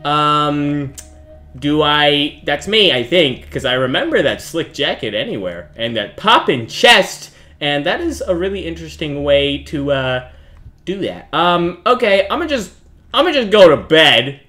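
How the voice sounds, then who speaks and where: A young man talks his way through a game in a bright, forceful voice that swings widely in pitch. He jokes at his own expense, mutters low to himself, then breaks into yelling whenever something startles him. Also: very animated, unhurried, soft background music. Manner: jokey, self-mocking, bursts into yelling when startled. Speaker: gaming youtuber. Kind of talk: let's play commentary.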